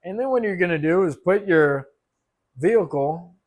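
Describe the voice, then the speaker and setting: A man's voice: high voice, expressive, moderate pace, darkish tone. A man hosting a home cooking show, joking and mocking himself as he rambles off topic. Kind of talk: rambling comic monologue. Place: home apartment kitchen.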